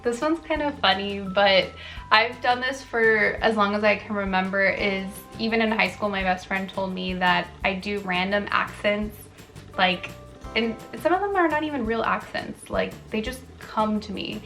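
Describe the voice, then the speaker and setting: A young woman in a casual vlog chats about her life in a mid-pitched, everyday voice. She leans on fillers and trips over a word now and then before moving on. Faint music plays quietly under her talk. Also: moderate pace. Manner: chatty, filler-heavy, self-correcting, frequent "like" and "um". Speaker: wellness vlogger. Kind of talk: casual chatty facts video.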